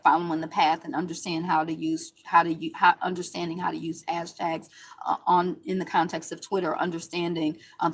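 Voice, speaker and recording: Chatty woman commenting on headlines. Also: lowish voice. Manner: chatty, sarcastic asides, reads headlines. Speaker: show host. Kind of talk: casual news commentary.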